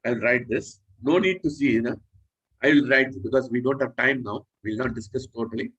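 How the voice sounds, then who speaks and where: Husky-voiced man giving a scripture class. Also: mid-range voice, a little fast, fairly bright tone, dull audio. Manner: earnest, repetitive, instructive. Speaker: preacher.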